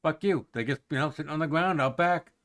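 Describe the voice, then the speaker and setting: A man in casual chat who talks in a rambling, halting way, full of fillers and the odd curse word. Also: fairly high pitch, a bit bright.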